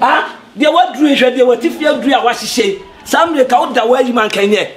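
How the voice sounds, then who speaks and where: An actor with a Ghanaian accent playing a lively man who talks with exclamations in Twi. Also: extremely high pitch, fast talker. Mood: boisterous. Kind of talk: film drama acting.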